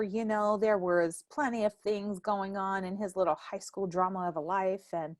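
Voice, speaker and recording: A young adult woman hosting a casual family podcast chat, an animated storyteller who laughs often and acts out quoted lines loudly. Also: medium pitch, no room sound, studio quality. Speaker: podcast host.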